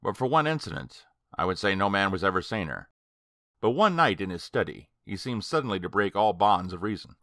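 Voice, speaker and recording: A man voicing a grave, hesitant male friend in an audiobook, speaking in a measured way. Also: low-pitched, lively intonation, a bit bright, no room sound, studio quality. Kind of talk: audiobook character reading.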